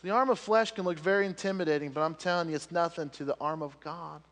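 A man preaching a sermon to a congregation, telling a Bible story with animated energy and dropping to quiet appeals. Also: a little high, quick pace. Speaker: pastor. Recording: long hall reverb.

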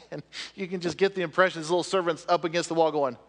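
Animated preacher man in a reverberant hall. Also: a little high, fast. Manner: animated storytelling, drops to quiet appeals. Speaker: pastor. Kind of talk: sermon.

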